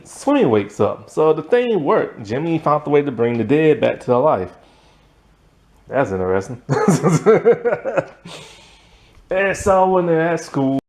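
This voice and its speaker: A man's voice: medium pitch, darkish tone. A man casually reviewing a cartoon episode, rambling with many "like" fillers, sleepy late at night. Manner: rambling, filler-heavy with frequent "like".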